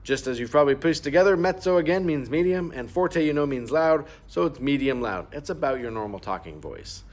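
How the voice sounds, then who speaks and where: A man's voice: fairly high pitch, lively intonation, a little fast, a little mellow. A man teaching a clarinet part, patiently explaining fingerings and markings and singing rhythms aloud to show them. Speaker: band teacher. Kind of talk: instrument lesson walkthrough.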